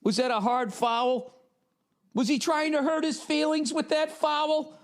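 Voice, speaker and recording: A man's voice: very high voice, steady tone, measured pace, voice pushed up. A man mocking fussy, overcautious male referees with whiny, fretting questions.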